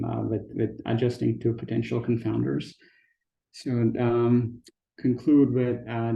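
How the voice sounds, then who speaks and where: A man giving an academic research presentation at a conference, pausing often on fillers and restarting phrases. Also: medium pitch, gravelly, dark tone, roomy sound, lo-fi sound. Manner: hesitant, frequent fillers and restarts. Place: conference talk, recorded remotely.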